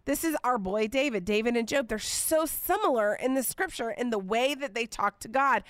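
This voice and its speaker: A woman in her forties gives a relaxed Bible teaching on her podcast. She talks in a chatty, expressive way with playful asides, her voice sitting somewhat high. The sound is close and dry, with no room echo. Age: 40s.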